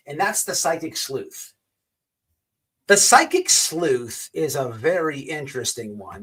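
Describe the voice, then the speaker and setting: A man's voice: a little high, fairly bright tone, distant mic, low-quality recording. A man hosting an online commentary show, ranting in a profane, confrontational, repetitive way.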